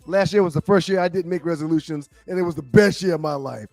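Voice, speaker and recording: A man co-hosting a casual sports talk show, chiming in with quick agreement and stumbling restarts. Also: a little high, creaky, darkish tone, dry recording, faint music behind.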